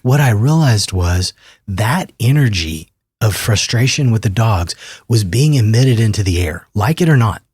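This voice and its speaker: A man in his fifties, a therapist and author, talks as a guest on an interview podcast in a calm, measured way. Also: lowish voice, husky, no echo, studio quality.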